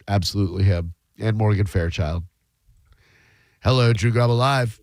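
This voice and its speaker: A man hosting a radio call-in show, joking dryly and firing back quick comebacks at callers. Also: fairly low pitch, darkish tone, no echo. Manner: wisecracking, dry and quick with comebacks. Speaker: radio host taking calls. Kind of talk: casual radio talk show banter.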